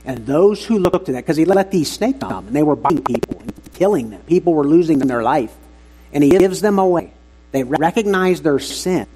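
A man's voice: fairly high pitch, expressive, normal speed, mellow, slight background noise, poor audio. A man preaching an earnest, emphatic sermon to his congregation at a church service.

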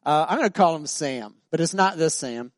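Storytelling pastor, a bit high-pitched. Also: male voice, animated, moderate pace, no room sound. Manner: conversational storytelling, acts out voices. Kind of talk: sermon. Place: church sanctuary.

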